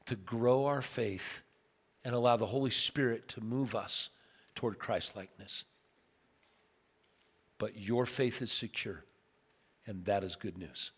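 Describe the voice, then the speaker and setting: A middle-aged male pastor preaching a sermon, telling a story with big swings from loud to soft. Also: mid-range voice. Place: church sanctuary. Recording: long hall reverb.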